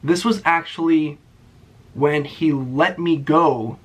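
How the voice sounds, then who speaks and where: A man's voice: on the high side, takes it slowly. Blunt, profane young man ranting. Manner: sarcastic. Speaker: YouTuber. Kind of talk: storytime rant.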